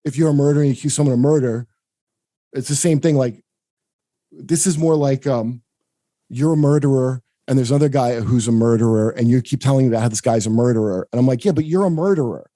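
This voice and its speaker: Talking fast in a dark, steady tone, a male podcast host rambles through profane casual conversation, laughing frequently and imitating others in higher-pitched voices. The sound is dry.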